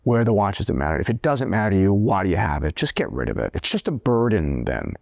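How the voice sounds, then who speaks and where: A man's voice: fairly low pitch, big pitch swings, fast talker, creaky, a little mellow, no echo, clean studio sound. A man talking casually to camera in a rambling, profane way, with many restarts. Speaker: watch vlogger.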